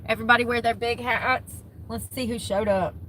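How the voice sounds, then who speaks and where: A young woman, chatting casually to camera as a vlogger, gossipy and animated. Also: on the high side, a little fast, slight background noise, rough recording. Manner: chatty, gossipy, talks with her hands in words like "y'all" and "homegirl".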